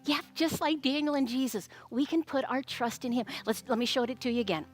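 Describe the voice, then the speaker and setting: High, animated woman telling kids' Bible stories. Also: brisk, soft background music. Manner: animated, sing-song, talking to young kids. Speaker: children's church storyteller. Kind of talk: Bible story time for children.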